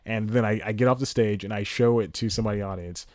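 Alone at his laptop with a home podcast mic, a man chats very fast in a darkish tone, rambling through stories, mocking himself, laughing at his own jokes and leaping into high-pitched impressions mid-story. He's in a home room with the TV on, yet the sound is studio quality with no room sound.

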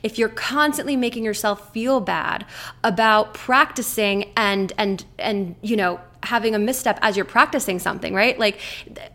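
A woman coaching listeners in a casual, chatty talk, with many fillers and quick acted asides of a harsh inner voice. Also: medium pitch, pushed and bright. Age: adult with a daughter. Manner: chatty, filler-heavy, keeps asking "right?". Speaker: weight-loss coach.

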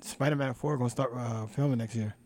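A young man hosts a podcast in loose casual chat, talking quickly at a middling pitch. He is excitable and slangy, with "bro" in nearly every line. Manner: excitable storyteller, slangy, says "bro" often. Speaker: podcast host.

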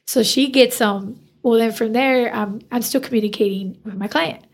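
A woman's voice: medium pitch, fairly quick. A woman, a hairstylist, telling a story in a casual interview and acting out the dialogue. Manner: animated, acts out quoted dialogue. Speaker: hairstylist guest.

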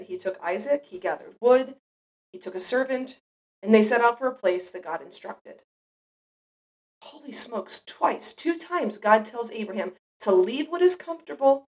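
A woman's voice: a little high, far from the mic, poor audio. A mother giving an earnest, reflective devotional Bible teaching, speaking directly to the listener.

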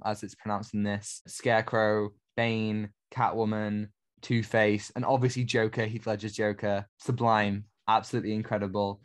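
A man's voice: on the low side, level tone, moderate pace, hardly any pauses. A man co-hosting a podcast, talking casually and with effusive enthusiasm. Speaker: podcast co-host.

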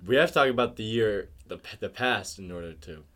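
A man's voice: fairly low pitch, lively intonation, brisk, fairly bright tone. A young man co-hosting a podcast in casual banter, jokey and sometimes mock-formal. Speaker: podcast co-host.

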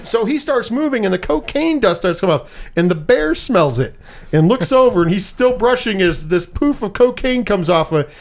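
A man co-hosting a podcast, casually recapping a movie in animated style, swearing freely and acting out the characters' lines. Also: sits high, normal speed. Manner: animated, swears often, acts out quotes.

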